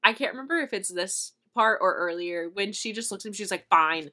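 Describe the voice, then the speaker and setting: A woman's voice: mid-range voice, brisk, sharp tone. A woman co-hosting a book podcast, retelling scenes casually and animatedly with lots of fillers. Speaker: podcast co-host.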